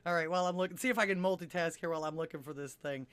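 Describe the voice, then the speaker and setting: A man's voice: a little high, rapid-fire, a bit bright, clean tone. A man chatting casually and telling a dirty joke, rambling, laughing often and acting out the voices.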